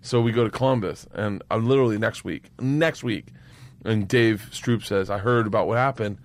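Profane storytelling comedian man. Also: normal speed. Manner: profane, breaks into high laughter. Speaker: guest comedian. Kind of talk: storytelling anecdotes.

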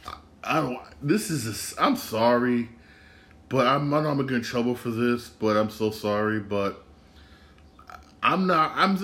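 A man with a fairly low voice talks through the week's games on his own show. He rambles, circles back to the same point and slides into rants. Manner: rambling, repeats himself, rants. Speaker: sports podcast host. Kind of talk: casual solo sports talk.

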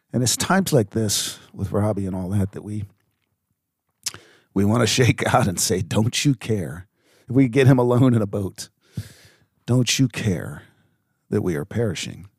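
A middle-aged man hosting a reflective faith podcast, speaking earnestly and haltingly with many fillers. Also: low voice, dry recording, studio quality. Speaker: podcast host.

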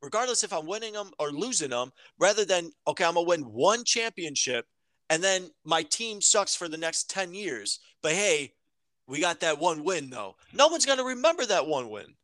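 Bright-voiced man debating, dry sound. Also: high voice, very animated, dry recording. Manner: halting, repeats his words while thinking. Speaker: podcast co-host. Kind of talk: casual sports debate.

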